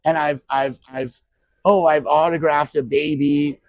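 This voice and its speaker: A man around sixty telling stories from his acting past in an interview, animated and quick to act out what others said. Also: fairly high pitch, no room sound, lo-fi sound. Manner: animated, acts out quoted voices, frequent restarts. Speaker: actor guest at a horror convention. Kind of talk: anecdotal interview storytelling. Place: convention interview.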